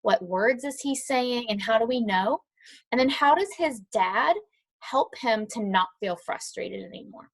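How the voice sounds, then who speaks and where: A woman's voice: fairly high pitch, expressive, a little slow, gravelly. A woman teaching an online lesson to young children from home, encouraging and patient. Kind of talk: online class lesson and read-aloud. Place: at home, dog nearby.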